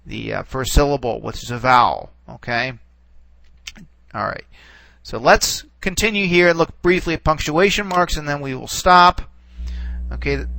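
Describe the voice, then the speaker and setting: A man teaching a recorded lesson, relaxed and reassuring, who stops and restarts often and checks in with "okay.". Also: mid-range voice, dry recording, rough recording. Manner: halting, full of restarts and "okay"s. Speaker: Greek teacher. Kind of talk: recorded classroom lecture.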